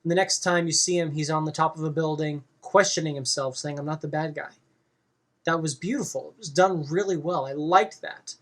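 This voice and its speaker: A movie reviewer giving a casual spoken review, rambling and halting with frequent fillers. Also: medium pitch, a bit bright.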